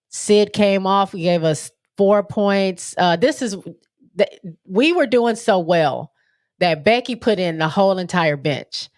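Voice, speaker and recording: A low-pitched woman hosts a casual sports live stream in a stuffy, nasal voice. She rambles, full of fillers and restarts. The sound is dry and close, with no room echo. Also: clean tone. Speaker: show host.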